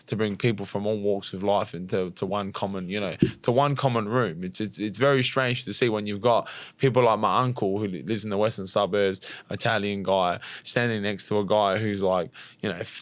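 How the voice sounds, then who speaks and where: A young Australian man, a fighter and podcast guest, chatting bluntly with lots of swearing and animated storytelling. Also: fairly low pitch, dry recording. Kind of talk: casual chat.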